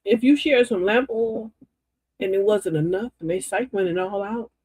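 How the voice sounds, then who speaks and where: Older lady hosting a live stream, preachy and folksy, talking to the chat, husky-ish voice. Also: mid-range voice, normal speed, darkish tone, dry recording. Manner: folksy, preachy, talks straight to chat viewers. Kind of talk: inspirational live-stream talk.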